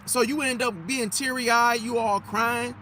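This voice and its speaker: A man giving an animated, emphatic astrology monologue and losing his voice. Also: extremely high pitch, a little slow, slight background noise. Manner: animated, emphatic, repeats "see?"; drops into mocking impressions of others. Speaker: astrology commentator. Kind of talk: casual monologue.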